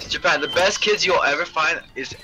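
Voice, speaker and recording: A man's voice: a little high, fairly quick, over a noisy crowd, low-quality recording. A man playing in a multiplayer strategy game, pleading and rambling with lots of "like" in casual voice chat.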